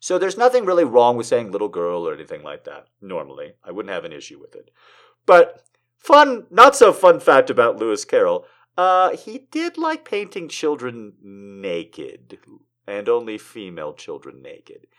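A man reads letters aloud and keeps stopping for casual, joking asides. His pitch rises and falls a great deal, though it sits in a middle register. He comes across as wry and self-deprecating. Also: huge pitch swings, normal speed, a bit bright. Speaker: reader of historical letters.

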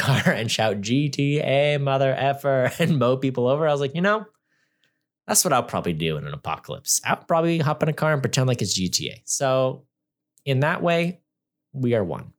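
Sarcastic rambling man reviewing a movie. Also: fairly low pitch. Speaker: podcast co-host reviewing a movie. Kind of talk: casual chat.

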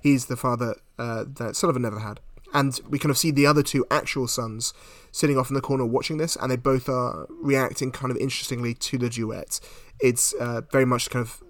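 A man's voice: medium pitch, fairly even intonation, brisk, hardly any pauses, no echo. A man in a casual film discussion, retelling the plot at length with many restarts and fillers.

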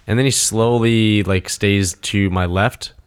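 A man's voice: lowish voice, steady tone, unhurried, clear, resonant tone. A man in his thirties telling a long personal story in casual chat. He rambles with lots of fillers and swears freely. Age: 30s.

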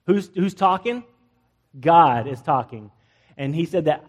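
A male pastor preaching a lively, conversational sermon, joking with the congregation and acting out the people in the story. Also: on the high side, a little slow, husky. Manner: acts out biblical characters in playful asides, jokes with the congregation.

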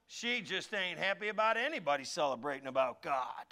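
A middle-aged man preaching a lively sermon as pastor, acting out quotes in character voices and having the congregation repeat after him. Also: fairly high pitch, a little fast.

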